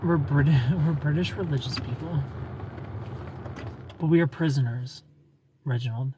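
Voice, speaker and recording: A man's voice: fairly high pitch, measured pace, noisy background. A tired man chatting casually on a live stream, rambling, joking and greeting viewers by name.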